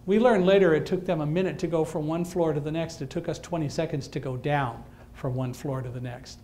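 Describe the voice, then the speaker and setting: A man giving a talk to an audience, telling a story in a lively way with dry humor and acting out the lines of people in it. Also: fairly high pitch, brisk, a little hiss or hum. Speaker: guest speaker.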